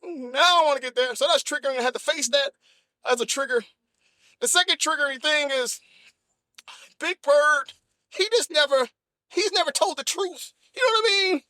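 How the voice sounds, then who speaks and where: A man hosting a comedy podcast, riffing in an animated, rambling monologue and constantly asking "you know what I mean?". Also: very high-pitched, moderate pace, long pauses, no echo. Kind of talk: comic monologue.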